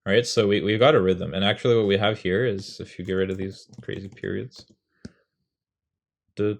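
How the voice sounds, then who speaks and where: A man's voice: lowish voice, fairly even intonation, moderate pace, gravelly, pauses often. A young man explaining how to write a poem in a casual, rambling, self-mocking way, sounding out rhythms aloud. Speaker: poetry tutorial host.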